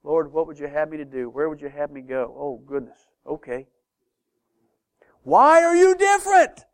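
A preacher with a voice on the high side speaks a little fast in his church sermon, full of animation and rhetorical questions. He moves back and forth between quiet asides and forceful emphasis.

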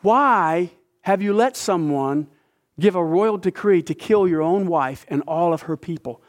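A man's voice: high-pitched, expressive, measured pace. A man voicing a queen who earnestly pleads with a king, in a sermon retelling. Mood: pleading.

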